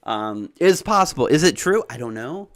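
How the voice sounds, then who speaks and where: Rambling man with a softened Southern accent. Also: normal speed, no room sound, studio quality. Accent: Southern US, softened toward neutral American. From Southern United States. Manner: rambling and animated, jumps in pitch when excited, many fillers. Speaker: streamer answering chat. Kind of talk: casual livestream chat.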